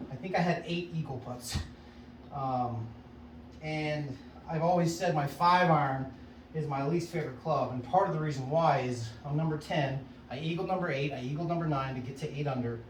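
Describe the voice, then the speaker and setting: A man's voice: on the high side, echoey room, distant mic, slight background noise, rough recording. A man, a golf instructor, coaching casually and upbeat at a driving range, often checking in with "right?". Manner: upbeat, chatty, self-coaching with frequent "right?".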